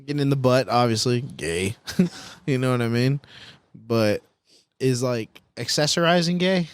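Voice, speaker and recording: A man's voice: medium pitch, expressive, unhurried, smooth, no room sound. A man co-hosting a casual comedy podcast, joking and laughing as he teases his friends with questions. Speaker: podcast co-host. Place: outdoors at a park.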